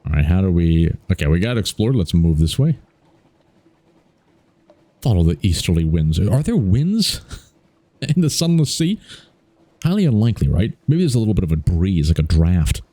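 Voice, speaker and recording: A man's voice: deep voice, sing-song, moderate pace, long pauses, mellow, dry recording. A man hosting a let's play, chatting playfully and reacting aloud to the game. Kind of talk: casual gameplay commentary.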